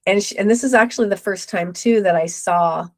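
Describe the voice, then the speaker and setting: A middle-aged woman, a podcast guest, telling a personal story with lively retold quotes. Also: mid-range voice, fairly quick. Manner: animated retelling with acted quotes.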